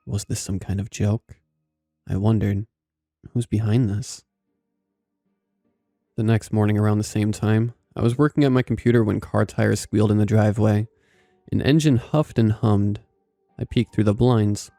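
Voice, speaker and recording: Male horror-story narrator, gravelly and dark, dry close recording, faint music behind. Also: lowish voice, fairly even intonation, moderate pace, dry recording.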